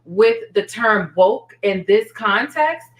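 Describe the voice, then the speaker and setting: A woman's voice: medium pitch, animated, slow, reverberant, distant mic, rough recording. A woman hosting a live stream, chatting casually and talking straight to her viewers in a slangy, familiar way.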